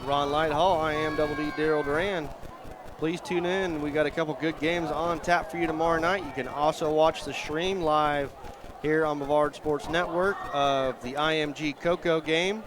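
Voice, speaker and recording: A man calling a live high school football game outdoors in a folksy, excitable way and plugging sponsors between plays. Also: moderate pace. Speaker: play-by-play commentator and show host. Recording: outdoor stadium noise.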